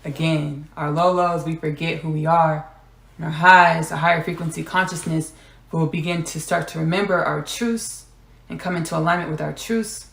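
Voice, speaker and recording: Woman host, low gravelly voice, channeling monologue with repeated lines and drifts into whispers. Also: steady tone, moderate pace, a bit bright, roomy sound. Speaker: podcast host.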